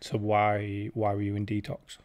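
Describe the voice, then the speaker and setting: Male podcast host, relaxed, inquisitive, casual conversation. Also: on the low side, normal speed. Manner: relaxed, curious, laughs along.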